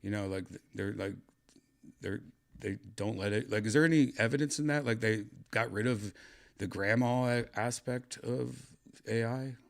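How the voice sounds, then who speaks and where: A man hosting a podcast, chatting casually in a rambling, halting way with crude asides. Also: fairly low pitch, creaky. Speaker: podcast host. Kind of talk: casual chat.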